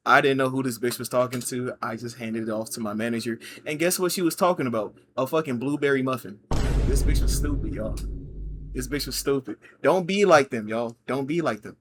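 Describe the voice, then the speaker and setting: A man's voice: mid-range voice, a little fast, a bit bright, slight background noise. Laid-back slangy man telling stories. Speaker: commentator reacting to clips. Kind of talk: casual reaction commentary.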